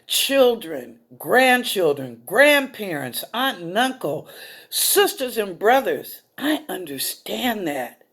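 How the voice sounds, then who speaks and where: A woman's voice: medium pitch, sing-song, takes it slowly, a bit bright. A middle-aged woman hosting a psychic talk show, speaking in a folksy, emotional way that calls the viewers y'all, and choked up and close to tears. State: tearful, choked up.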